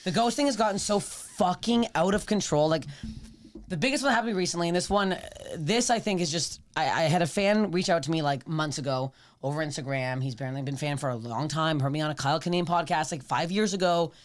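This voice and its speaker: Fast-talking woman telling comic stories. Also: sits low. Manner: rapid, profane, animated storytelling. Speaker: podcast guest. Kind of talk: casual chat, comic storytelling.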